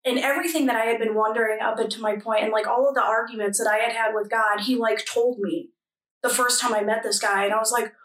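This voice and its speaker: A woman's voice: a little high, fairly even intonation, quick pace, fairly bright tone, distant mic. A young adult woman, a church guest in a casual interview, talking chattily with many fillers and restarts. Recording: echoey room, a bit off mic.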